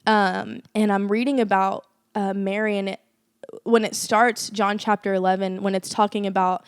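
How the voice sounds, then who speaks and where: A woman's voice: mid-range voice, little pitch movement, moderate pace, smooth, dry recording, clean studio sound. A young woman co-hosting a faith podcast, telling a personal story in earnest casual chat with lots of fillers. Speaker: podcast co-host.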